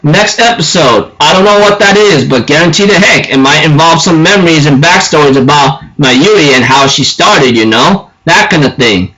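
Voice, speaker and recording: A man recapping an anime episode for his channel, excitable and tripping over his words. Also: on the high side, normal speed, few pauses, low-quality recording. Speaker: anime reviewer.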